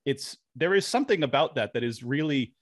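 This young podcast guest speaks briskly at a medium pitch, recorded dry. He's an animated storyteller who laughs a lot during the casual interview chat.

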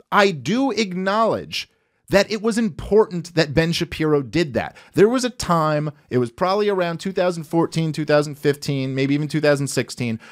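A man giving casual reaction commentary, ranting and swearing freely as he pauses a clip. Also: a little high. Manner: profane, ranting, impersonates others mockingly. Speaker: commentary host.

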